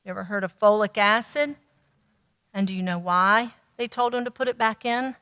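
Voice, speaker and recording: A woman's voice: mid-range voice, moderate pace, pushed and bright, clean tone, in a large hall. A woman nutritionist giving a teaching talk, telling stories and asking the audience rhetorical questions.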